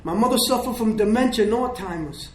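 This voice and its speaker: A man's voice: high voice, fast. An older man from the South Bronx giving an emotional personal testimony as a recovery speaker, telling his story with quoted dialogue. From South Bronx, New York. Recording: echoey room, faint noise.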